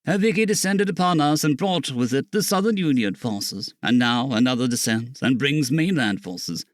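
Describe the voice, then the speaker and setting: A man's voice: medium pitch, lively intonation, moderate pace, dry recording, studio quality, lightly acted. A man voicing a pleading winged creature. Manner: formal, beseeching. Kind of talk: audiobook narration.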